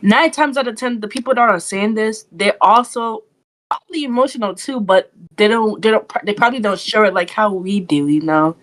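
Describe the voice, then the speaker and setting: A woman's voice: medium pitch, brisk, a bit bright, no echo. A young woman co-hosting a casual podcast, talking in a rambling, chatty way with lots of "like" and "you know". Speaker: podcast co-host. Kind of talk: casual chat.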